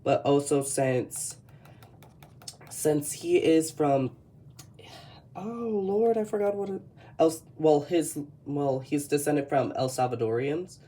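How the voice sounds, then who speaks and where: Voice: mid-range voice, animated, takes it slowly, long pauses, dark tone, slight background noise. A speaker with a Texan accent casually rambling through a tour of their old sketchbook, often stopping to correct themselves. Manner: rambling, self-correcting, chatty. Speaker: artist showing a sketchbook. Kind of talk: casual commentary.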